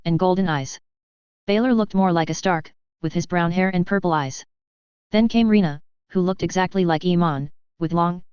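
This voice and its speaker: A woman reading a fan fiction story aloud in an even, measured way. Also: on the low side, clear, resonant tone, no room sound. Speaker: narrator. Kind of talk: scripted fan fiction narration. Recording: dry, slightly dull recording.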